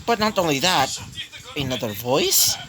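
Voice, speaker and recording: A man's voice: fairly high pitch, very animated, a little slow. A young man improvising a fan story aloud, rambling with many fillers. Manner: rambling, full of 'you know' and 'basically'.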